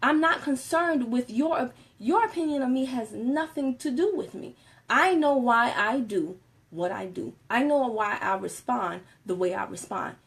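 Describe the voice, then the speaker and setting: A woman talks to her viewers in a casual motivational style. Her voice sits fairly high, and she moves from quiet, steady advice to loud, laughing bursts. She laughs often as she talks. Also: moderate pace, husky. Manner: animated, laughs often, switches from soft to loud. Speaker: motivational speaker on a live stream.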